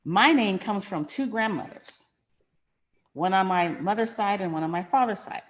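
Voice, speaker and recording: A woman's voice: mid-range voice, lively intonation, normal speed, lo-fi sound. A middle-aged woman hosting a finance channel, telling a personal story in a frank, emphatic, conversational way.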